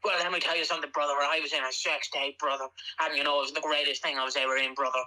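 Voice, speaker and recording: A man doing a lowered, rambling impression of a boastful wrestling star, full of catchphrases. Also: flat delivery, rapid-fire, bright, forceful tone, rough recording. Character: parody of a famous male wrestler, boastful, rambling, conspiratorial.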